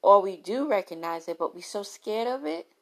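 A woman giving a candid motivational talk on relationships, telling stories with lively, playful asides. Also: mid-range voice, moderate pace. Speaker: relationship speaker.

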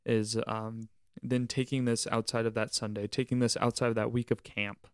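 Young guy on a podcast, smooth clear voice, dry close sound, kinda preachy. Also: mid-range voice, little pitch movement, moderate pace, dry recording. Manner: earnest, preachy, uses church wording. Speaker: podcast co-host, camp staffer. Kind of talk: casual reflective podcast chat.

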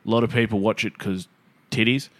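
Young man, podcast co-host, wry and jokey, low-pitched. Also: steady tone, a little fast. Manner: wry, laughs often, jokey asides. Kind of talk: casual chat.

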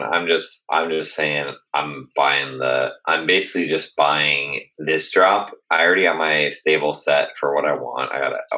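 A man co-hosting a podcast in casual chat, animated and rambling, often quoting himself. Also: rumbling low, rough recording. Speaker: podcast co-host.

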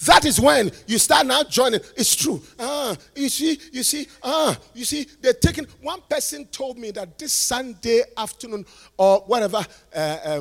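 High, gravelly man preaching in bursts. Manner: swings from hushed talk to shouted, sing-song preaching. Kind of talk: sermon at a conference.

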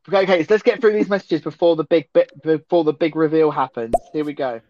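A man in a relaxed watch-along chat, talking in a slightly high voice that rambles along with lots of giggling. The recording is dry and close, with a dull, muffled tone. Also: moderate pace, no room sound. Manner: giggly, rambling with frequent laughs. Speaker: podcast co-host. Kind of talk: casual chat while watching a film.

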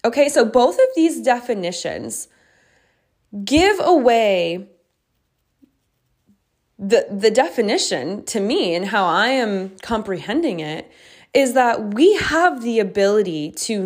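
A woman's voice: mid-range voice, sing-song, slow pace. Chatty woman podcast host, reflective. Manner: chatty and reflective, many "like" fillers and restarts. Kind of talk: casual solo podcast monologue.

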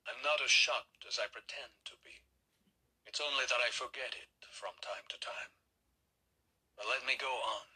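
A man puts on an ancient vampire for an audiobook, telling his story quietly and deliberately. The voice is husky and tight, often dropping to a whisper. It stays collected and unhurried throughout. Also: mid-range voice, exaggerated voice, low-quality recording. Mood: brooding. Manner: soft, slow, often whispered. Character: centuries-old male vampire, composed and brooding. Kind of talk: audiobook character reading.

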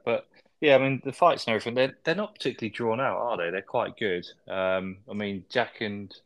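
Quick-talking man, laughing as he chats. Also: fairly low pitch, no room sound. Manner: laughs often, hedging with filler words. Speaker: podcast co-host. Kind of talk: casual film review chat.

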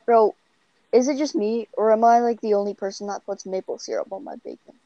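A woman's voice: mid-range voice, sing-song, fairly quick, creaky, mellow, dry recording, dull audio. A young woman with a Canadian accent, chatting casually and rambling, filling her talk with "like" and "bro.". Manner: rambling, heavy use of "like" and "bro". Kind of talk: casual chat.

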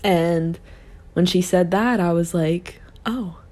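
Low-voiced woman sharing personal reflections. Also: fairly even intonation, slow pace, a little mellow. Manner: candid, laughs often, thinks aloud with restarts. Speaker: podcast host.

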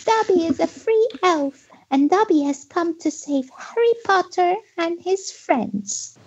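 A tiny, loyal male house-elf with a squeaky, piercingly high voice. He talks slowly and earnestly, leaning on each word. The sound is dry and a little dull. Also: expressive, no echo, exaggerated voice. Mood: proud. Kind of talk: reading a novel aloud with voices.

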